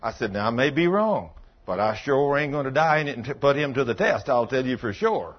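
Folksy preacher man, husky voice. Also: sing-song, brisk. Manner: folksy, acts out dialogue, drops to low intense tones. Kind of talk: sermon storytelling. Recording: dull lo-fi sound.

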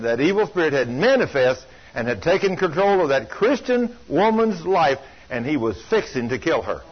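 An older man preaches with a drawl, his voice a little husky and pitched somewhat high. He tells folksy stories, swinging from loud, urgent passages down to hushed ones. The recording sounds dull and lo-fi. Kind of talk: sermon.

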